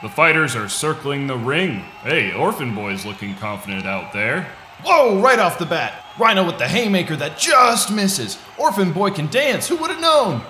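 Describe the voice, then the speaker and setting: A hammy ring announcer, as a man puts him on, calling a fight in excited bursts that swing wildly up and down. His voice rings bright and shouty, belting out the action. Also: fairly high pitch, moderate pace, echoey room, a little hiss or hum, pitched above the performer's own voice. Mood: hyped.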